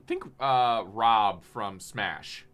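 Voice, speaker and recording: A man's voice: fairly low pitch, very slow, fairly bright tone. A man narrating as game master of a tabletop game, loose and chatty with frequent ums.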